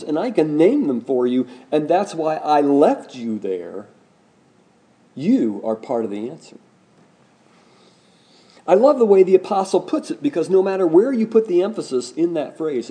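A man's voice: a little high, warm tone. A male pastor delivering a sermon, emphatic and questioning the congregation directly. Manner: emphatic preaching with rising, pointed questions.

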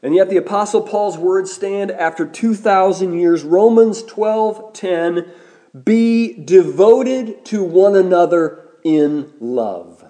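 A male pastor delivering a sermon with a mellow, warm tone. His pitch sits a little high and moves a lot, rising and falling as he makes his points. He preaches in a measured way and slows right down on the words he wants to land. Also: lively intonation.

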